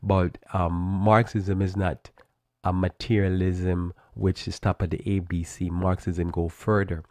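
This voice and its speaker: A man hosting a live church talk program, reading from an article and commenting in a halting way with many fillers and restarts. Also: deep voice, little pitch movement, a little mellow, no echo. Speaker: church talk show host.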